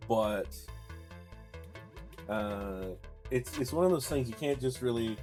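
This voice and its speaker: A man's voice: medium pitch, slow, pauses often, a little mellow, soft background music. A young man, chatting casually while streaming a game live and reading chat aloud. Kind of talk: live gameplay commentary.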